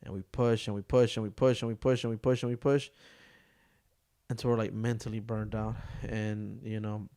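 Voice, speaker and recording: A man's voice: lowish voice, moderate pace. A young man co-hosting a casual podcast, joking and swearing as he chats. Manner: joking, swears freely, animated storyteller. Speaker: podcast co-host. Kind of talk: casual chat.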